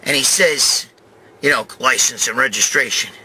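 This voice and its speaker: A man in his sixties telling a profane comic story about a traffic stop, acting out the other people with animated voices. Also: medium pitch, normal speed, husky. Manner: animated, swearing, acts out quoted voices. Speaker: host. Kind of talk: profane comedic storytelling rant.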